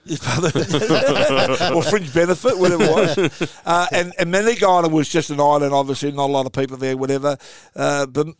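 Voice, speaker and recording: A man's voice: on the high side, a little fast, no echo. A man in his sixties with an Australian accent, telling rambling stories as a podcast guest, full of fillers and asides. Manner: rambling anecdotal storyteller, many fillers. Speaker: guest, former footballer. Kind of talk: casual podcast chat.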